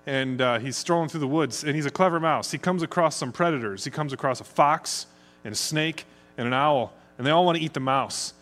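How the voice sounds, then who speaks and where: A man's voice: on the high side, fairly quick. A middle-aged man from the United States, preaching a conversational sermon as pastor. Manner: conversational, chatty, speeds up when excited.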